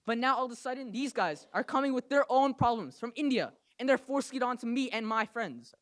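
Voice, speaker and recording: A young man from New Jersey giving an impassioned public comment at a council meeting, fast and emphatic, ending phrases with "okay?" and "right?". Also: very high-pitched, expressive, a bit bright.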